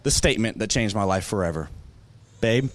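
A young male preacher with a high, bright-pitched voice that swings up and down all the time. He talks to his church like he's telling stories to friends, joking and full of fillers. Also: normal speed. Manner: animated, joking, storytelling with many fillers. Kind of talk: conversational sermon. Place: church service.

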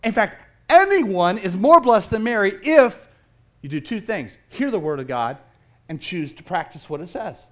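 A middle-aged man preaching a sermon in a church, playful and animated, acting out the people he quotes. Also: high-pitched, normal speed. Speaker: pastor. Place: church sanctuary.

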